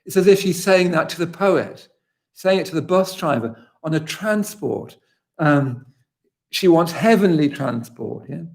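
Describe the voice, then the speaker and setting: Earnest man with a gravelly voice. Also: a little high, lively intonation, a little mellow. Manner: earnest and enthusiastic, musing aloud with frequent restarts; slows down and lingers over quoted lines. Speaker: resident poet leading a poetry session. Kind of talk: reflective talk with read-aloud poetry passages.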